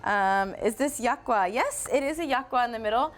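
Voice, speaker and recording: A young woman from North Carolina, USA, hosts a relaxed live-stream chat, reading viewer comments aloud in a friendly, chatty way. Her voice is fairly high and expressive, moving at a normal speed with faint music in the background.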